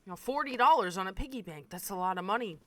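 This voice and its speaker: Young woman streamer, candid storyteller with a dark sense of humor and a dry, close sound. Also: mid-range voice, expressive, fast talker, no room sound. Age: 20s. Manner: candid, darkly funny, swears freely. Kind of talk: casual storytelling.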